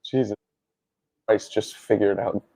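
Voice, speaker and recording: Man doing a gravelly grumbling sketch guy. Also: lowish voice, steady tone, measured pace, warm tone, no room sound, exaggerated voice, low-quality recording.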